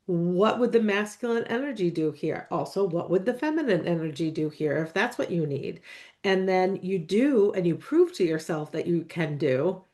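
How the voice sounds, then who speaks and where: A woman's voice: lowish voice, darkish tone. A woman hosting a podcast interview, affirming and encouraging as she reflects on her guest's story. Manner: encouraging, affirming, backchannels often with mm and yeah. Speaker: podcast host.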